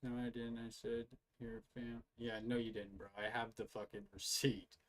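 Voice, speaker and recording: A man's voice: medium pitch, monotone, normal speed, a bit bright. Profane, mocking male streamer. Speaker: streamer reacting to live videos. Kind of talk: casual live-stream commentary.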